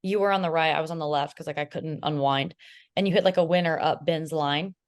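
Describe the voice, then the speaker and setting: Young woman, podcast guest, lowish voice, teasing, animated storytelling. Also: fairly quick. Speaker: podcast guest and pro player. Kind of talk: casual podcast chat.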